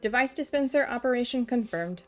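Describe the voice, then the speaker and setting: A woman's voice: a little high, expressive, fairly quick, faint music behind, lightly acted. A woman reading as a dutiful robot worker. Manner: formal, polite, matter-of-fact. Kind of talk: reading game dialogue aloud.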